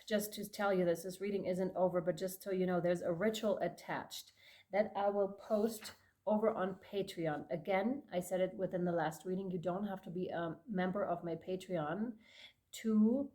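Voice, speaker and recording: A woman giving a tarot reading to her viewers, effusive and emotional, laughing often and addressing listeners warmly. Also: fairly low pitch. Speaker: tarot reader.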